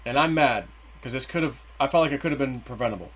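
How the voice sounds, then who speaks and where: A middle-aged man telling a story in a rambling, excitable way, swearing and then softening his words. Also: mid-range voice, a little fast. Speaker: vlogger. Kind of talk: casual storytelling.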